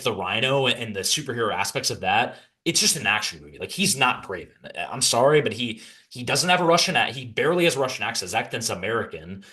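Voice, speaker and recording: Young man, podcast host, casual ranting film review, restarts and rambling asides, middle-pitched voice. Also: bright, forceful tone.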